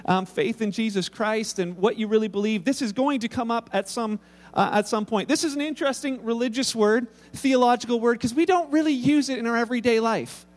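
Pastor preaching, casual and joking, very high voice, long hall reverb. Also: male voice, brisk. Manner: casual, humorous storytelling with many restarts. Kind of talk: sermon.

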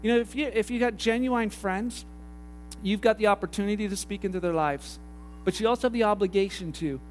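A man's voice: high-pitched, brisk, a little hiss or hum. A middle-aged man from Canada preaching a conversational sermon as a pastor, repeating phrases and acting out little dialogues. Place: church hall.

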